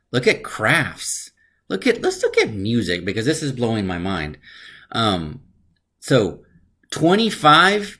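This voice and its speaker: A man teaching an online class for kids in a casual, upbeat manner. He often checks in with the audience by asking "right?". His voice is low and husky. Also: fairly bright tone.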